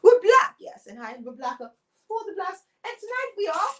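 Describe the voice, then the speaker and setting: Woman host, high and wildly swooping voice, theatrical and breathy, satirical hosting style. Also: very animated, fairly bright tone, poor audio. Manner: theatrical, breathy drawn-out emphasis, swooping intonation. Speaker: host of an online audio chat room. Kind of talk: satirical over-the-top hosting.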